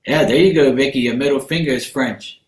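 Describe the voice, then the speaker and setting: A man's voice: medium pitch, a little fast. Slangy Bermudian man in an echoey room. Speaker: livestream host. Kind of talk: casual livestream chat.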